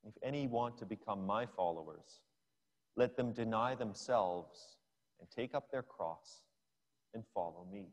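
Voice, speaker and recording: A man's voice: fairly low pitch, lively intonation, unhurried. A male preacher giving a sermon, retelling a scripture scene as a story for his listeners. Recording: long hall reverb.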